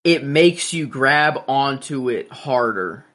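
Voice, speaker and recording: A man in casual chat, eager and restless, thinking out loud. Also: mid-range voice, animated, slow pace.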